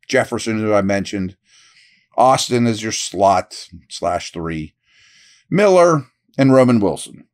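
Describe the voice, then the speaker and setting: A man hosting a solo football analysis podcast, talking through his roster picks in a casual, conversational way, thinking aloud as he goes. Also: lowish voice. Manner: upbeat read of a sponsor ad. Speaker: podcast host and football scout.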